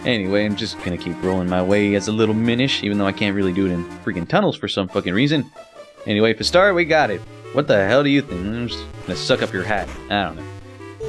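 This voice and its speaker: Brief: young guy, lively swearing let's play voice, game music underneath. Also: on the low side, brisk, poor audio. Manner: loose, profane, laughing asides. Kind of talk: casual gameplay commentary.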